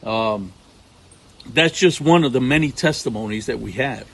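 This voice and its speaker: A middle-aged man from Puerto Rico, a ministry partner telling faith testimonies in an animated way, acting out what people said. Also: medium pitch, moderate pace, creaky, husky, poor audio. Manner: animated storyteller, acts out quotes. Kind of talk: testimony talk. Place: outdoors at home.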